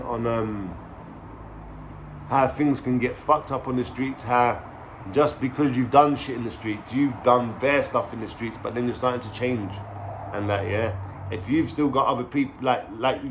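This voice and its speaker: A young man with a London street accent tells a story straight to camera. His voice sits at a middle pitch, and he talks in loose slang, swears freely and keeps asking "you know what I'm saying?". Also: slight background noise. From London, England. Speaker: vlogger.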